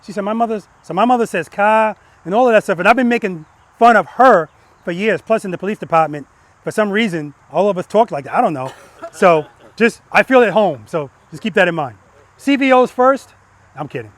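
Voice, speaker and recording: A man with a notably high voice runs an outdoor motorcycle lesson among the cones. He talks emphatically, repeats cue words in a steady rhythm, and checks in with a quick "right?" after each point. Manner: peppers instructions with "right?". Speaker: motorcycle riding instructor. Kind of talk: hands-on coaching in a riding lesson. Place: outdoor practice lot with cones.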